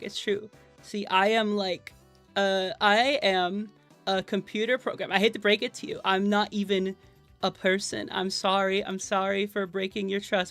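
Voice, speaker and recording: A woman's voice: medium pitch, fairly even intonation, unhurried, fairly bright tone. Nervous, rambling woman streamer. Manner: rambling, playful and self-mocking, with many fillers and restarts. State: nervous, with stage fright. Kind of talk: casual live-stream chat. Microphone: desk microphone at a computer. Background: faint game music.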